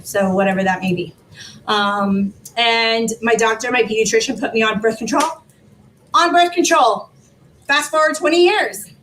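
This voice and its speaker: A woman in her forties, a guest telling her personal story with animated laughter and emotion. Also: far from the mic, a little hiss or hum, low-quality recording. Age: 40s. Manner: animated, laughing, rising into high exclaims. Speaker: guest, foundation founder.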